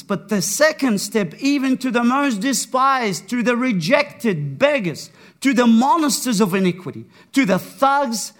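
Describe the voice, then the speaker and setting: A male preacher delivering a sermon in a high voice. He speaks slowly and deliberately, dropping to hushed tones and then building up again with emphasis. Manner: slow, dramatic delivery swinging from soft and hushed to raised.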